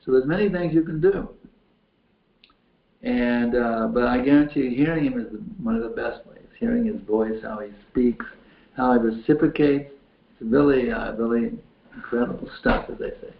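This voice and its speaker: Gravelly man over a tinny, echoey line. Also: mid-range voice, moderate pace. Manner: repetitive, folksy, restarts phrases. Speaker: spiritual teacher. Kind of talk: answering questions from a chat window.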